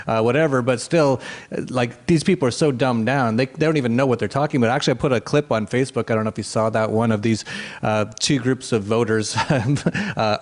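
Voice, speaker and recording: A man hosting a casual chat, rambling with lots of filler words and frequent laughter. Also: mid-range voice. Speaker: host.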